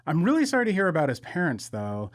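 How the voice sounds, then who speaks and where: A man's voice: on the high side, wildly swooping pitch, fast talker. A man co-hosting a podcast, explaining and commenting sympathetically between clips. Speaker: podcast co-host.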